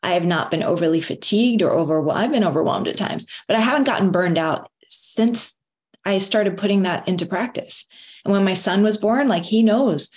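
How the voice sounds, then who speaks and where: A middle-aged woman telling a personal story in an earnest, motivational way, with lively emphasis. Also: mid-range voice, a little fast. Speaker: wellness speaker. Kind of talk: motivational talk.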